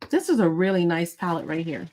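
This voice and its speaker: A woman's voice: fairly low pitch, very animated, a little fast, a little mellow, poor audio. A woman hosting a live online sale, talking in a bubbly, chatty way and thinking aloud as she goes. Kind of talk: casual live-sale chat.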